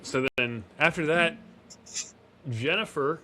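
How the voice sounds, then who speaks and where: A man's voice: on the high side, takes it slowly, sharp tone, a little hiss or hum. Man rambling through a show recap. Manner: rambling recap with fillers and self-corrections; acts out character lines while recapping. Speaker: podcast co-host. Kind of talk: casual review chat.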